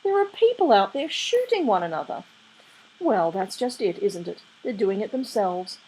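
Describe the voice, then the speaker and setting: A woman voicing a sardonic, touchy male demon who talks in a snappish, exasperated way, with a breathy voice. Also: mid-range voice, very animated, normal speed, warm tone, low-quality recording. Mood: defensive.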